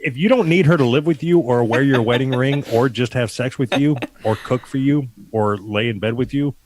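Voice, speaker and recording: A man's voice: mid-range voice, moderate pace, a little mellow, a little hiss or hum. A man co-hosting a podcast, reading out a listener letter and giving blunt, crude answers in casual chat. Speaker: podcast co-host.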